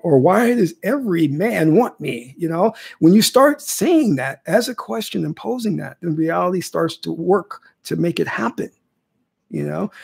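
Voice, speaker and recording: He has a high voice with vocal fry, a little mellow and slightly rough. As a spiritual teacher answering questions from viewers, he talks casually on livestream, checking in with "okay?" and repeating phrases.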